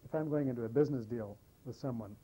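An older man recounting wartime memories in an oral history interview, a lively storyteller who acts out the dialogue. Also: medium pitch, fast talker, breathy edge, poor audio. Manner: lively anecdotal storyteller, animates quoted dialogue. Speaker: war veteran interviewee.

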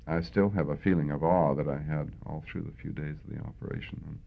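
An older Canadian man recalling his wartime service in an oral history interview, reflective and hesitant, with many pauses and fillers. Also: a bass voice, steady tone, creaky. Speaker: veteran interviewee. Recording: tinny phone-like lo-fi recording.

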